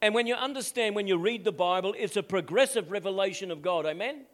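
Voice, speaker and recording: An older man preaches from the pulpit, his voice sitting high for a man. He drives his points with emphatic repetition and keeps checking in with the congregation through quick asides. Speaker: pastor. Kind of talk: sermon.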